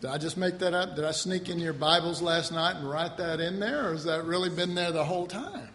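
A male pastor preaching a sermon in an animated, rhetorical way, with self-mocking asides. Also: fairly high pitch, a little fast, big-room sound, a little hiss or hum.

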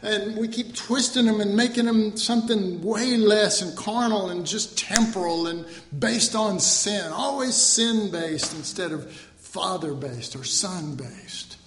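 A man with a fairly high voice preaches a loose, conversational sermon at an unhurried pace. He restarts his phrases, adds joking asides and acts out little mock quotes, and his voice rings in an echoey church room. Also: a bit bright, a little hiss or hum. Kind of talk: informal sermon.

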